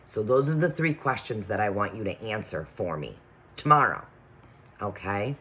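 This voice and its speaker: A woman teacher reading a chapter book aloud to her class and then giving assignments, patient and deliberate, often checking in with the children. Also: a bass voice, sing-song.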